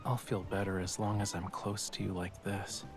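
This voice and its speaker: An actor playing a dramatic, affectionate male artist love interest in a game, speaking softly and theatrically. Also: deep voice, little pitch movement, moderate pace. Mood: tender. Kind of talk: game voice acting. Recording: game audio played on a stream, with music.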